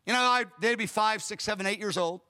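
A man's voice: sits high, brisk, sharp tone, clear, resonant tone. A man preaching a sermon as a pastor, emphatic, acting out dialogue as he tells stories. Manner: emphatic, acts out dialogue in storytelling.

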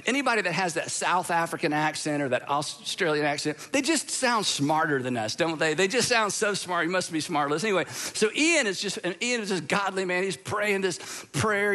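Middle-aged male pastor, high and bright voice, chatty sermon delivery with asides. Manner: conversational, self-deprecating, with restarts and asides.

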